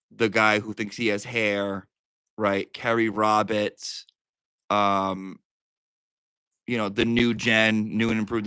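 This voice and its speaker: Dude hosting a stream, goofing off reading chat msgs, dry mic. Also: male voice, on the low side, a bit bright, smooth, no echo. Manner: playful, jokey, swears casually. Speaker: livestream host. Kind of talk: casual commentary, reading viewer messages.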